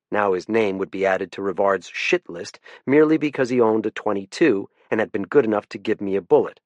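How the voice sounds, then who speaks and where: A man's voice: fairly low pitch, dry recording, lo-fi sound. A man narrating a first-person mystery audiobook in a dry, understated manner.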